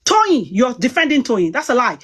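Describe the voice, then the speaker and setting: A woman's voice: high voice, big pitch swings, fairly quick, breathy edge. A woman talking heatedly on a livestream, emphatic and rambling as she goes. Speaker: online commentator.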